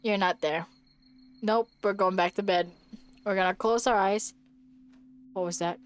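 A woman's voice: mid-range voice, steady tone, measured pace, clean tone. A woman streaming a video game, reacting to it with jokes and lots of giggles. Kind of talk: let's play commentary.

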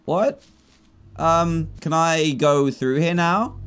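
A young man in his twenties who excitedly narrates his own moves while playing a video game, cheering out loud when he wins. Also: on the high side, takes it slowly, clean tone, faint music behind. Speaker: gaming YouTuber. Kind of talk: gameplay commentary.

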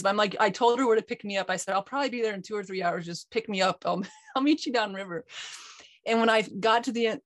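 A woman co-hosting an online talk candidly shares a personal story in a group call, animated and full of restarts and fillers. Her voice is medium in pitch, with studio-quality sound and no echo.

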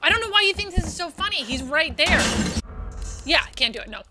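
A woman with a high, bouncy voice plays a horror game, panicking and cursing as she begs the game to go easier. Her pitch leaps up and down as she talks. Loud game music plays behind her throughout. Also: very animated, fast. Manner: panicked, swearing, pleading. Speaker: gaming host. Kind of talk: let's play commentary.

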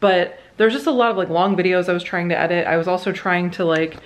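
A woman's voice: on the low side, fast talker. Giggly woman vlogger. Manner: giggly, animated storytelling. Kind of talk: casual chat.

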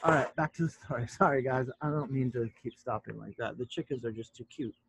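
A man's voice: medium pitch, a little fast, gravelly, a little hiss or hum, poor audio. A man reading a picture book aloud to children, chatty, stopping to explain words as he goes. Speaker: storytime reader for children. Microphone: handheld mic, briefly dropped on the ground.

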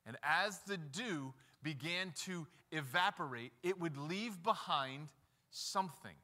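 A man pastor preaching a sermon in a church, animated, asking rhetorical questions and mimicking people's voices. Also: a little high, slow pace. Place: church sanctuary.

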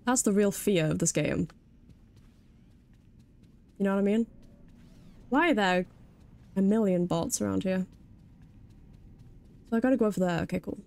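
A woman's voice: mid-range voice, normal speed, creaky, long pauses, a little mellow. A British woman streaming a video game live, jumpy and swearing freely as she comments and talks to her chat.

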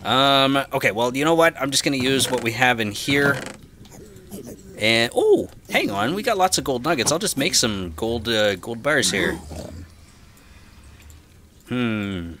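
Chatty gamer man, animated. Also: medium pitch, a little slow, pauses often. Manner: chatty, easily excited, yelps and laughs. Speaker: gaming channel host. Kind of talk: casual gameplay commentary. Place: home room with an aquarium. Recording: noisy home recording, aquarium drip behind. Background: dripping aquarium water.

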